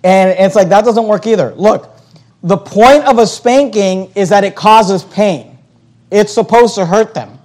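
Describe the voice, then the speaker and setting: A man with a notably high voice delivers a sermon, talking to the congregation in a loose, conversational way. He stumbles over his words and repeats himself often as he pushes his points. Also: a little slow, darkish tone. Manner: conversational preaching with frequent stammered restarts. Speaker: pastor.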